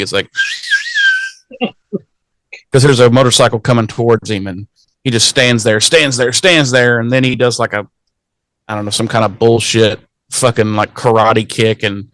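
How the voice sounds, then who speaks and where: A man's voice: mid-range voice, no room sound. Man co-host, casual profane episode recap, rambling delivery, dry close mic. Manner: profane, rambling, acts out characters in goofy voices. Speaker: podcast co-host.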